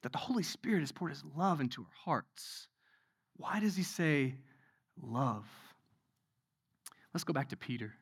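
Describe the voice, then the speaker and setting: A man preaching a sermon in a conversational way, asking many rhetorical questions and moving between loud emphasis and hushed passages. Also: fairly high pitch, very animated, unhurried, pauses often, slightly rough. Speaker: pastor.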